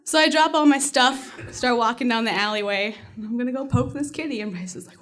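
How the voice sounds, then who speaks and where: A woman's voice: a little high, fairly quick, hardly any pauses, fairly bright tone. A woman telling a personal story on stage at a live storytelling night, casual and salty, often laughing as she goes.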